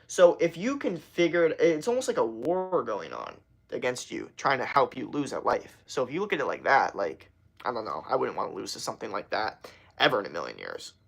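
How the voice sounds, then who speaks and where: Young male streamer, gravelly, loose and profane, talks in quick restarts. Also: medium pitch, huge pitch swings, fairly bright tone. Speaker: livestream host. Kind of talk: casual livestream chat.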